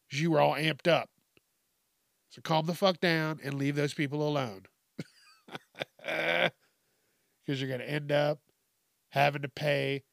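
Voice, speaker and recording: A man rants his way through a solo podcast segment, cursing constantly and breaking into laughter at his own lines. His voice is gravelly and sits a little high for a man. He talks slowly, and the sound is dry and close. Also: a bit bright, no echo. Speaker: podcast host. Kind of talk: profane comedic rant.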